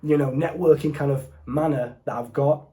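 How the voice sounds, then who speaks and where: A man's voice: fairly high pitch, steady tone, normal speed, warm tone. A young man giving dating advice straight to camera, casual and blunt, calling the viewer bro. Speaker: dating coach. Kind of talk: direct-to-camera advice talk. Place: indoors, seated before a camera.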